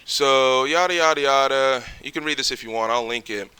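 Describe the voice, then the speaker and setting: A man's voice: medium pitch, normal speed, sharp tone, clear, resonant tone. A man vlogging, telling a story casually and rambling with a lot of swearing. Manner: profane, rambling, with lots of fillers. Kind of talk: casual storytelling reaction video.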